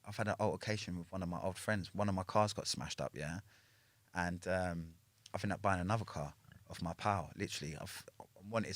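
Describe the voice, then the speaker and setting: A low-pitched voice comes through a dry recording: a London-accented man guesting on a podcast. He tells his story casually and profanely, checking in with a questioning "yeah?" after each point.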